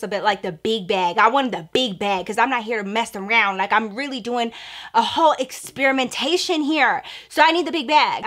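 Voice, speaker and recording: A young woman telling a casual storytime to her viewers, animated, slangy and profane, talking straight to the camera. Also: on the high side. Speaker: storytime vlogger.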